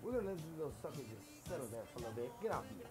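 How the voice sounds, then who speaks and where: A man's voice: medium pitch, very animated, rapid-fire, music in the background. A middle-aged man, hosting a casual home cooking show in his kitchen, chatty and boastful, dropping phrases as he goes.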